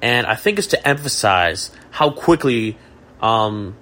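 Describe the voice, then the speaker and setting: A man's voice: fairly low pitch, lively intonation, measured pace, bright, forceful tone. A man hosting a casual comedy podcast, talking in a dry, mock-serious way with many restarts. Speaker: podcast host.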